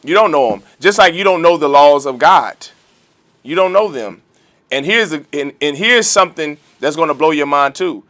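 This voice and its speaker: Pitched on the high side and a bit bright, this man's voice is expressive and moves at a normal speed. He leads a religious law class as a lecture-style sermon, preaching with emphasis and peppering listeners with rhetorical questions.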